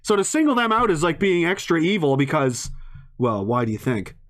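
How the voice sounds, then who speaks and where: A man rants to an audience in a rambling, profane monologue, his somewhat high voice swinging up and down. He laughs partway through sentences and swears freely. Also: very animated, fairly quick, a bit bright.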